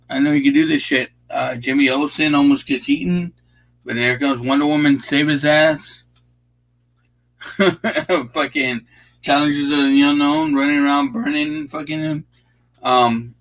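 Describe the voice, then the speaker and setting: A man's voice: a little high, a bit bright, poor audio. Laid-back man swearing through movie commentary. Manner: profane, rambling, laid-back with frequent fillers. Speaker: watch-along host.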